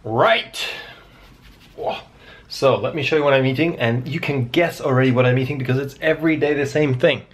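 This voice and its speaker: At a moderate pace and with fairly even intonation, a man in his mid-thirties speaks in a medium-pitched voice for his fitness vlog. He rambles casually to camera, recounting stories and swearing liberally.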